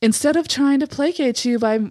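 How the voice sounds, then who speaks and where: Young woman, vocal fry, bit raspy, says like a lot, swears, dead dry sound. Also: high voice, brisk, darkish tone, no room sound. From Eastern Montana, USA. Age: young adult. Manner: candid, frequent "like" fillers, swears freely. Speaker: podcast co-host. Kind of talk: casual chat.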